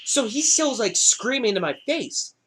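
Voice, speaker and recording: A man's voice: very high-pitched, measured pace, slightly rough. A young man hosting a podcast, telling a story casually with a lot of swearing. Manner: profane, animated storytelling. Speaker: podcast host. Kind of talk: casual chat.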